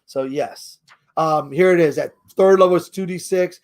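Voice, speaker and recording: High-voiced man explaining game rules. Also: normal speed, darkish tone. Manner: rambling, chuckles often, trails off while searching. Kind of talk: casual tutorial.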